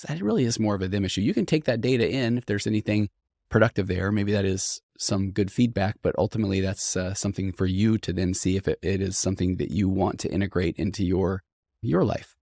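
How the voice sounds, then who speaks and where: A middle-aged man with a low, gravelly voice talks through listener stories on a podcast, earnest and reflective, turning lively when he quotes others. The sound is dry and close to the mic. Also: no room sound. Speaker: podcast host, therapist. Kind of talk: conversational podcast monologue reading listener stories.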